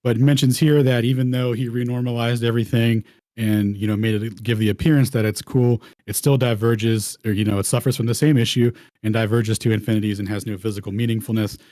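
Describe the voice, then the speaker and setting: A man's voice: mid-range voice, steady tone, fairly quick, dark tone, no room sound, clean studio sound. A man hosting a round table, talking casually and slangily over slides, rambling and restarting phrases. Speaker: host.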